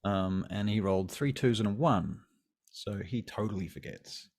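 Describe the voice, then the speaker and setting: A man's voice: on the low side, moderate pace, darkish tone. A man running a tabletop role-playing game as game master, narrating casually with restarts.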